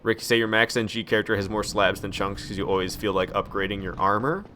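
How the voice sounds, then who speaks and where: A man's voice: on the low side, steady tone, fast talker, sharp tone, slight background noise. A young man streaming a video game at home, rambling casually and reading chat messages aloud.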